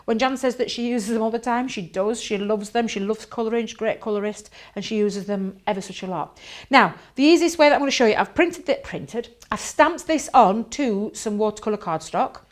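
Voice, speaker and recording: A woman's voice: on the high side, fairly quick. A woman chatting enthusiastically as she demonstrates coloring techniques, thinking aloud as she works. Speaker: craft demonstrator. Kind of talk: live crafting demonstration.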